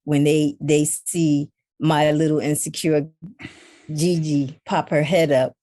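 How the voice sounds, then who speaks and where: Animated woman in a dry, close recording. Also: sits low, slow pace, dry recording. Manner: animated, acts out quoted dialogue. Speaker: interview guest. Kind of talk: candid conversational interview.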